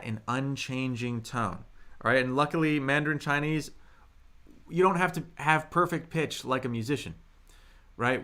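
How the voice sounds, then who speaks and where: An upbeat young man hosts a live online language lesson in a mid-range voice. He reads viewers' comments aloud and slows down to model each word clearly and loudly for them to copy. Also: mid-range voice. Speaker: Mandarin teacher on a livestream.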